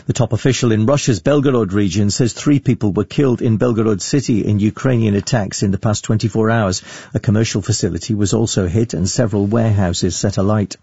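A man reads the world news in a measured, formal tone. His voice is mellow and gravelly, and the sound is dry. The audio is slightly dull and lo-fi. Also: on the low side, no echo. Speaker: newsreader. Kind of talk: radio news bulletin.

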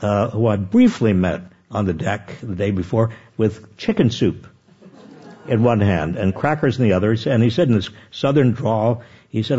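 An older man talks with a husky edge and swinging pitch. He tells self-deprecating stories with many restarts. The recording sounds dull and lo-fi. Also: normal speed. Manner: animated, self-deprecating anecdotes with frequent restarts. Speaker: guest author. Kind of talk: conversational storytelling.

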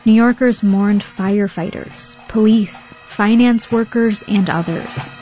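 A woman reporter narrating a radio news feature in a measured, even way. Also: mid-range voice, dull audio, loud music behind the voice.

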